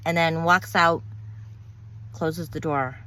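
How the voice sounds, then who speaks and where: A woman's voice: deep voice, fairly even intonation, slow, fairly bright tone. A woman telling her own story of betrayal in a bitter, emphatic way, repeating words and swearing. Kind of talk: personal storytelling monologue.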